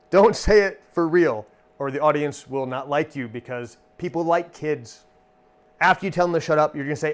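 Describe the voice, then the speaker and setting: With a slightly high male voice at normal speed, a stage magician and entertainer explains his techniques in an easygoing, chatty manner, performing comic one-liners as examples.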